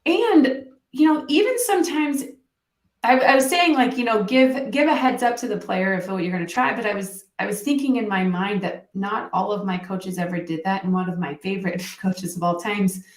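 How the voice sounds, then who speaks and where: A woman who works as a mental performance coach, a podcast guest telling stories in a lively way and acting out what people said. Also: medium pitch, moderate pace, roomy sound. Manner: animated storytelling, acts out quotes. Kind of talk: podcast interview guest, casual chat.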